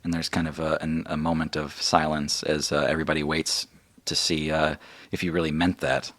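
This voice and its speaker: Low male game master, casual and rambling, dry recording. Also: little pitch movement, a little fast, fairly bright tone, dry recording. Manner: casual, filler-heavy. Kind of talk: narrating a tabletop game.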